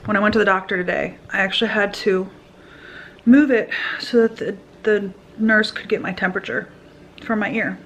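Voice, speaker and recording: A woman vlogger telling a personal story in a casual, animated way, with quick restarts as she goes. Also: medium pitch, a little hiss or hum. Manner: animated, tumbling retelling with restarts.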